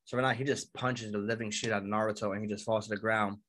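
Fast-talking man excitedly recapping an anime. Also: on the low side. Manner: excitable, swears a lot, acts out characters' lines. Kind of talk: casual episode recap.

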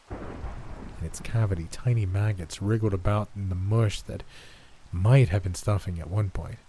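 A man reading a horror story aloud in a slow, tense, dramatic way. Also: deep voice, dark tone, a little hiss or hum. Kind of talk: scripted narration.

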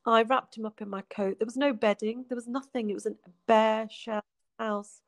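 A woman, a guest telling her life story in a heartfelt way, often falling to a soft hush. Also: fairly high pitch, fairly even intonation, moderate pace, no echo. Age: 40s. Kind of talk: emotional personal storytelling.

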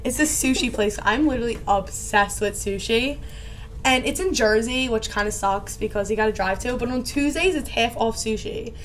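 A young woman co-hosting a casual podcast chat, giggly and animated, full of "like" and "literally". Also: fairly high pitch, normal speed, slight background noise. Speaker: podcast co-host.

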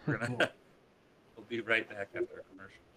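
Bright-voiced laughing man at play. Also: lowish voice, steady tone, fast talker, slightly rough. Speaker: player. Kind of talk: casual tabletop game chat.

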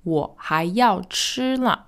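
A woman teaching Mandarin in a lesson podcast, explaining chatty and repeating words slowly and clearly. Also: mid-range voice, lively intonation, a bit bright.

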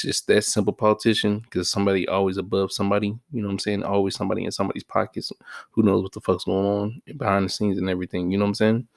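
A man hosting his own vlog in a profane, casual rant that swings between loud, high-pitched outbursts and low mutters. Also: creaky, no echo, studio quality. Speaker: vlog host. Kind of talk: casual ranting monologue.

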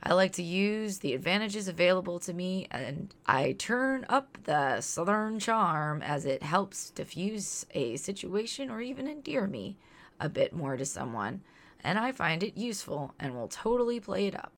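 A woman's voice: lowish voice, big pitch swings, normal speed. A woman in her thirties from Louisiana, reading a scripted podcast segment in an earnest, outspoken and reflective way. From Louisiana, near New Orleans. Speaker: podcast host.

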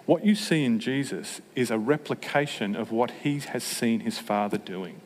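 A man preaching a sermon, humorous and self-mocking, with animated asides. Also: mid-range voice, moderate pace, a little hiss or hum. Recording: long hall reverb.

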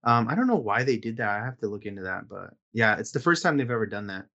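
Bright-voiced laid-back male co-host. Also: fairly low pitch, very animated, quick pace, lo-fi sound. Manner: laid-back, chatty, says dude and um often. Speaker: podcast co-host. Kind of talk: casual chat.

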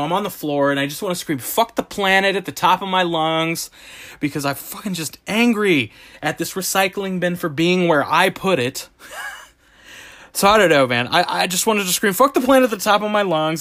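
A man telling a comic story of a bad day as a ranting monologue, swearing nonstop and sounding exasperated. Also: a little high. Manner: profane, exasperated, animated storytelling.

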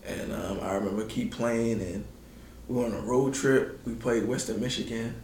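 Laid-back man spinning a hoops story in slang, acting out the quotes, in a roomy space with faint noise. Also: fairly quick. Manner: animated, acts out quotes with big pitch jumps. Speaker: former college basketball player telling stories. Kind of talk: casual storytelling.

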